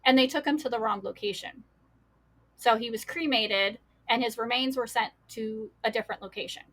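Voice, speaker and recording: Bright-voiced woman telling a painful story. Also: fairly high pitch, normal speed. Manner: many fillers, acts out quoted voices. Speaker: guest. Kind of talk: emotional personal storytelling.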